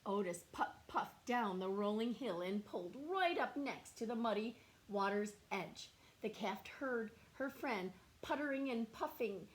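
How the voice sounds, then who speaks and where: Slow gentle woman reading to children. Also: mid-range voice, expressive. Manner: gentle, questioning, drops to whispers for kids. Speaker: teacher reading aloud. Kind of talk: children's read-aloud.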